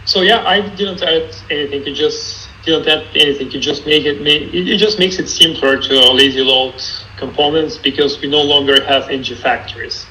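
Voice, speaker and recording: A man calmly answering technical questions as a guest in an online Q&A, explaining step by step. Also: fairly high pitch, normal speed, hardly any pauses, a little hiss or hum, rough recording. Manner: calm, explanatory, some restarts. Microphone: video call.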